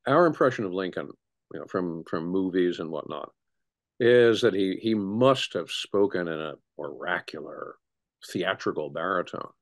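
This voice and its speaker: A middle-aged man, a historian, speaking as an interview guest in an animated storytelling way with frequent restarts. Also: sits low, moderate pace, gravelly. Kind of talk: conversational interview.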